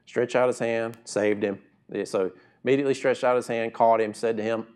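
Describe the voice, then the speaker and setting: A middle-aged man preaching a sermon in a casual, conversational way, swinging from quiet, slow asides to loud, high emphatic bursts. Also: fairly even intonation, clear, resonant tone. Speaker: pastor.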